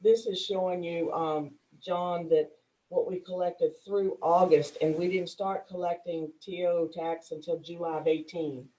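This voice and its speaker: A woman's voice: fairly low pitch, fairly even intonation, a little slow, mellow. A woman county official explaining a finance report at a public meeting, polite and matter-of-fact. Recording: dull lo-fi meeting audio.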